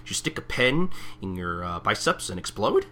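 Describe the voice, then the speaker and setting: A man's voice: lowish voice, big pitch swings, normal speed, pushed and bright. A man voicing a perky young woman who pushes a diet gadget in a chirpy, sing-song way.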